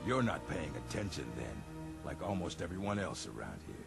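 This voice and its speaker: A gruff video game warrior recruiter. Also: male voice, low-pitched, big pitch swings, a little fast, heavily acted. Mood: blunt. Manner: blunt, matter-of-fact. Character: gruff male warrior recruiting vampire hunters. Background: game music.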